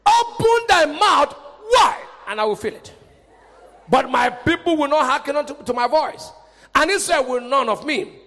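A male pastor preaching a fervent sermon, jumping from loud shouts down to quiet asides. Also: very high-pitched, normal speed. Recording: hall reverb.

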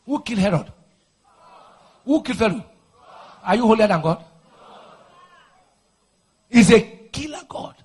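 A man preaching a fiery deliverance sermon, shouting forceful declarations and then dropping into quieter explanation. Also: animated, a little slow, long pauses, slightly rough. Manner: shouting, forceful declarations, swings to low intensity.

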